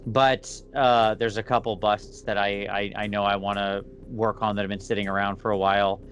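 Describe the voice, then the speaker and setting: Thoughtful low-voiced male podcast guest. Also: level tone, normal speed, soft background music. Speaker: podcast guest, miniature painter. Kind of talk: casual interview chat.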